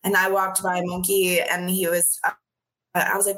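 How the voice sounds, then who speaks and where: A woman's voice: mid-range voice, monotone, normal speed, a bit bright. A woman chatting casually on a podcast over a video call, filling her talk with "like" and laughing often. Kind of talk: casual chat.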